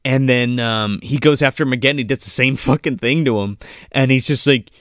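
A man's voice: mid-range voice, fairly quick, clear, resonant tone, no echo, studio quality. A man co-hosting a film podcast, retelling scenes in a rambling, profane, casual way with lots of fillers.

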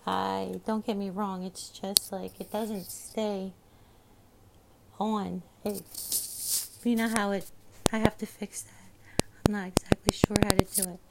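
A woman's voice: medium pitch, little pitch movement, a little slow, vocal fry, long pauses, heavy background noise. A middle-aged woman hosting her own show, chatting in a rambling, affectionate way into a phone. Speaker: podcast host. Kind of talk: casual chat.

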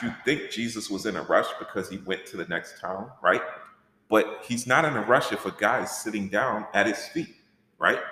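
A man teaching a church workshop in an animated, conversational way, asking rhetorical questions. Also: medium pitch. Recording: echoey hall with long reverb.

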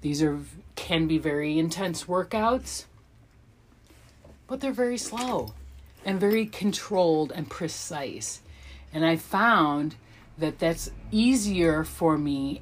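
A woman in her thirties with a deep voice records a casual solo podcast, with slight background noise. She rambles freely, frequently using um, starting over, and putting herself down in jest.

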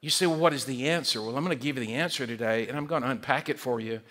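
Animated pastor with a bright voice. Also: male voice, mid-range voice, rapid-fire. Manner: animated, repeats words, acts out quoted voices. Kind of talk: sermon.

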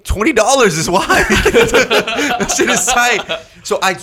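Bright-voiced excitable young man. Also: very high voice, takes it slowly, husky. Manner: excitable, swears a lot, laughs often. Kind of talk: casual chat.

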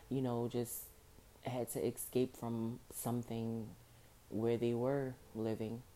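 Deep, dark-voiced woman podcast host. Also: slight background noise. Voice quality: morning voice, a little rough. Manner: chatty, informal, repeats phrases for emphasis. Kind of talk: casual solo podcast monologue.

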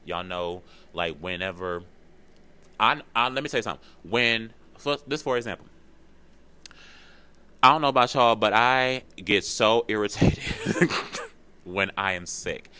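Man, podcast host, casual monologue, expressive, slangy, bright tense tone. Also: fairly low pitch, measured pace, pauses often, smooth. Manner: expressive and chatty, slangy, swears freely.

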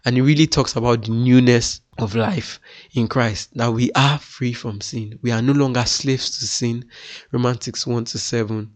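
A man from Nigeria preaching earnestly, lifting his voice for emphasis and dropping low for reflective points. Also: fairly even intonation, normal speed. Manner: earnest, rises in pitch for emphasis. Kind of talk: sermon-style teaching.

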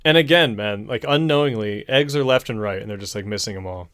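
A young man hosting a casual talk show, excitedly and profanely retelling a movie plot and saying "dude" often. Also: on the low side, brisk, clear, resonant tone, no echo, studio quality. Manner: excitable, profane storytelling, says "dude" a lot. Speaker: podcast host. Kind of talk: casual movie recap chat.

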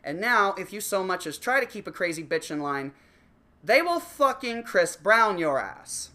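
A man's voice: sits high, sing-song, moderate pace, pushed and bright. A man delivering a profane, sarcastic comedic rant, swearing constantly. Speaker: comedic ranter.

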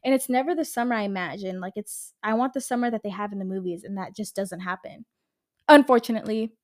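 Talking at a quick pace in a medium-pitched voice, this twentysomething LA-area woman hosts a casual solo podcast. She's rambling and chatty, swears freely, and says "like" and "literally" a lot.

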